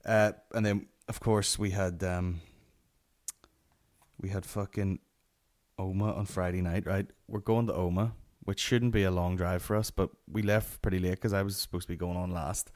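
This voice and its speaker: Northern Irish male comic host, lowish voice, rambling sweary storyteller. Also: steady tone, moderate pace, a little mellow. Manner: sweary, rambling anecdotal delivery. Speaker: podcast host. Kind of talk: solo comedy podcast storytelling.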